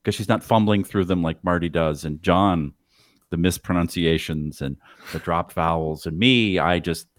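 A man with a nasal, fairly low voice chats on a podcast, tripping over his words and dropping dry jokes. The sound is dry and close, with no room in it. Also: normal speed, no room sound. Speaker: podcast co-host. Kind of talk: casual chat.

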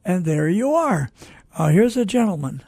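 An older man hosting a Christian radio program, reading listener calls with slow, preacherly asides. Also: high-pitched, very animated, a little mellow, slightly rough, no room sound. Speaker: radio host and network founder. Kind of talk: folksy radio commentary.

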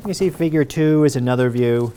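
A man's voice: medium pitch, fairly quick, warm tone, a little hiss or hum. Methodical man lecturing on patents. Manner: clear, methodical explaining with rhetorical questions. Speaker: university patent counsel lecturing.

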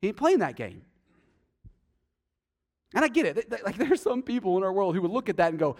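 A man preaching a sermon, emphatic and swinging between loud stresses and hushed, intimate asides. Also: high-pitched, sing-song, a little fast, pauses often. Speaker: pastor.

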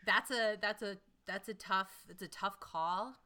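A woman co-hosting a chat show, retelling a fairy tale in a wry, animated way. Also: mid-range voice, a little slow. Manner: wry, animated, swears casually. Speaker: podcast co-host.

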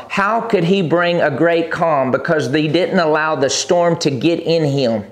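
Guy preaching on a tv show, kinda high voice, repeats stuff, gets loud and rising. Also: moderate pace, few pauses. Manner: repetitive, emphatic preaching with rising pitch. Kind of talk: sermon on a broadcast show.

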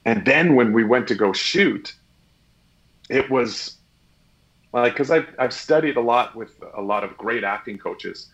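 Appearing as a guest in a casual interview, a male actor chats in a mid-range voice, and the audio is dull. He's an animated storyteller who acts out the dialogue in his stories.

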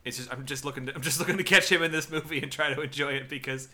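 A man co-hosting a podcast in casual chat, excitable and laughing often, with frequent filler restarts. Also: fairly high pitch, rapid-fire. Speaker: podcast co-host.

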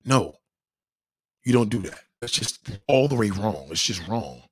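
Husky-voiced man ranting bluntly. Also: fairly low pitch, animated, a little slow, no room sound, clean studio sound. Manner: blunt, profane, emphatic; acts out quoted people in varied voices. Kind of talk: casual opinion rant.

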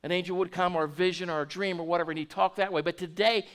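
Male pastor, high bright voice, folksy sermon delivery with lots of restarts. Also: steady tone, rapid-fire, hardly any pauses, clear, resonant tone. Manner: folksy, repeats and restarts words, asks the congregation questions.

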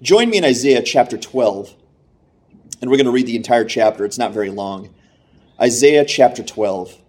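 A man preaching a sermon, telling a story and reading scripture in a steady, measured way. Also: mid-range voice.

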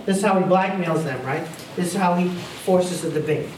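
A man's voice: high-pitched, fairly quick, darkish tone, slight background noise. A man giving a university history lecture, emphatic, firing off rhetorical questions and repeating his key phrases. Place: lecture hall. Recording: roomy hall audio picked up from a distance.

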